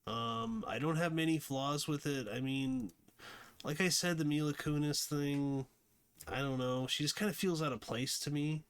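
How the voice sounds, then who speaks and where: A man's voice: a little high, steady tone, normal speed, smooth. A man hosting a casual movie review, rambling with many fillers and restarts. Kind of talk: casual unscripted commentary.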